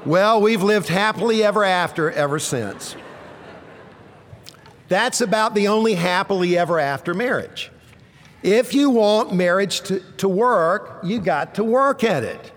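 A male pastor preaching a sermon, telling stories with dramatic pauses and dropping low and quiet for punchlines. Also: lively intonation. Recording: long reverb of a large hall.

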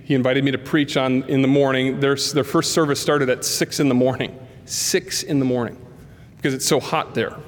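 Speaking at medium pitch and normal speed, this pastor delivers a storytelling sermon, animatedly performing the dialogue of its characters. The long reverb of a big hall fills the church recording.

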